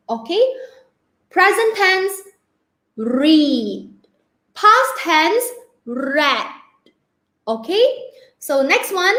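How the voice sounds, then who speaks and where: A high-voiced woman teaching a grammar lesson to young pupils. She speaks slowly and patiently, spells words out letter by letter, and keeps checking in with "okay?". Her voice rings in an echoey room. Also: fairly bright tone. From Malaysia. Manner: peppers speech with "okay?" checks. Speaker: primary school English teacher.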